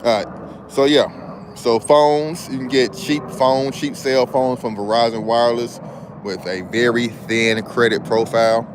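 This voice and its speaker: Lounging in a backyard hammock, a business credit consultant vlogs in a laid-back, slangy, rambling manner. His medium-pitched voice is steady and unhurried, with background noise, faint outdoor ambience, and passing planes.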